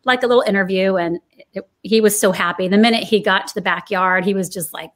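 A woman guest in a casual online chat, telling a story in a lively way and acting out the quoted lines. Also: medium pitch, fast.

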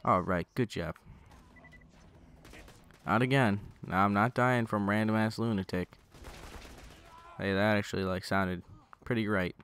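A man's voice: fairly low pitch, fairly even intonation, measured pace, long pauses, fairly bright tone, slight background noise. A young man giving loose, joking commentary over his own gameplay, swearing and talking to the enemies on screen through a gaming headset. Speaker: gaming channel host.

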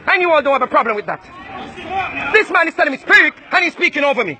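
A man from Jamaica, ranting and shouting confrontationally at people outdoors. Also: very high voice, animated, very fast, a faint crowd.

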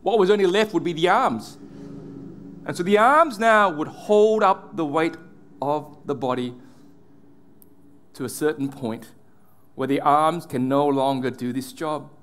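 A male pastor delivering a sermon, earnest, dropping low and soft on key words. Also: measured pace, pauses often, slight background noise.

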